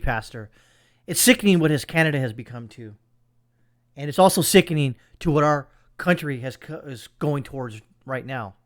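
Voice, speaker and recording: A man hosting a political commentary show, talking in an emphatic, sarcastic rant. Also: on the high side. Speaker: commentary channel host.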